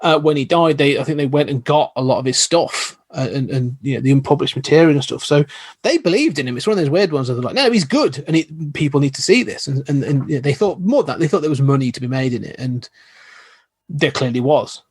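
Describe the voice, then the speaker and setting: A man's voice: mid-range voice, fast, husky, no room sound. A man, a podcast guest, telling stories in an enthusiastic, rambling, casual way. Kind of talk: casual chat.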